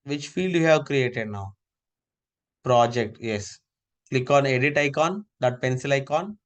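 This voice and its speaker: A man's voice: mid-range voice, unhurried. A man teaching a live online class over a video call, giving repeated step-by-step instructions.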